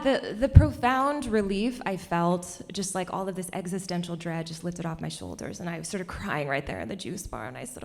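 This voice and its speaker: A young woman telling a personal story on stage at a cultural center, animated and laughing often between lines. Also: lowish voice, normal speed, gravelly.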